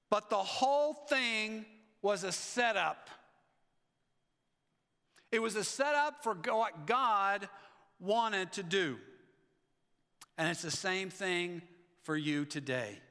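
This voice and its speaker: A male pastor preaching with animated energy, acting out the voices of the figures in his story. His voice sits high and bright. It rings out with a long reverb in a church sanctuary. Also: slow pace, long pauses. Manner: animated, acts out the Bible figures' lines. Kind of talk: sermon.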